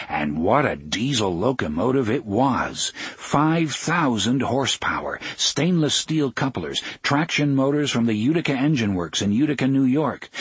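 A man reads a storybook aloud with a lively, expressive storytelling cadence. His voice is husky and breathy, and the recording is dry and close. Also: mid-range voice, dry recording. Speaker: narrator. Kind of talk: storybook reading.

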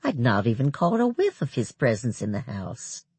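A narrator reading a first-person novel aloud in an expressive storytelling manner. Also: mid-range voice, normal speed, husky, no echo. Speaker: audiobook narrator.

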